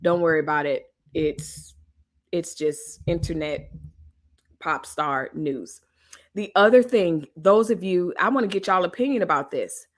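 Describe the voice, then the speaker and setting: A woman's voice: fairly low pitch, unhurried. A woman hosting a casual live news commentary stream, chatting colloquially with her viewers and reading their comments.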